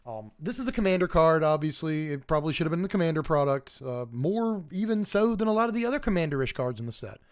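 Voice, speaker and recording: Lively man hosting a casual stream. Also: on the high side, fast talker, hardly any pauses, clear, resonant tone. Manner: animated, chuckling, chatting with viewers. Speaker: host. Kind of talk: casual livestream card review.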